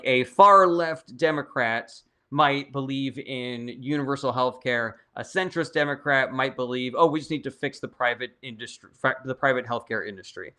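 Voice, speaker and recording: A young man with a bright, forward voice is hosting a casual livestream. He reads viewers' questions aloud and answers them bluntly and with strong opinions, dropping profanity freely and never softening his views. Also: medium pitch, smooth.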